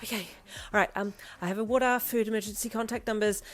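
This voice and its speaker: A woman's voice: mid-range voice, steady tone, soft background music, voice pushed up, natural voice. A woman voicing a frazzled, fussy young mother who rattles off instructions in a hurry. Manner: hurried, rattling off lists.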